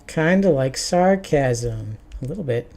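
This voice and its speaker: A man streaming his Japanese study, sounding out practice sentences slowly with many restarts and chatting casually between them. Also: mid-range voice, expressive, a little mellow.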